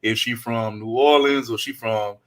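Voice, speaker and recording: A man's voice: medium pitch, fairly even intonation, normal speed, a bit bright. A man hosts a loose chat show in a plain mid-range voice, rambling and swearing freely. He circles back over his points with the same stock phrases. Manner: profane, rambling, leans on "you know what I'm saying". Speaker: host. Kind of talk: casual chat.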